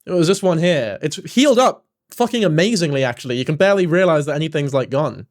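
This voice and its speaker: A man's voice: on the high side, animated, fast. A man hosting a live stream, chatting casually in a blunt, laid-back way and swearing freely. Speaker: livestream host.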